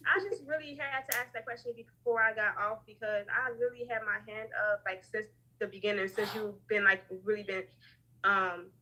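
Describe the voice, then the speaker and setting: A woman on a video call telling a story in a casual, animated way, acting out the lines of people in it. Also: medium pitch, normal speed, low-quality recording. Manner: animated, acts out dialogue in her stories.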